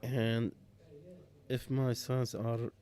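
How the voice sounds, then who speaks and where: Slow, halting man giving Quran commentary. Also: mid-range voice, flat delivery, dark tone. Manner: slow, halting, with pauses and restarts. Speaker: Quran interpreter. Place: mosque.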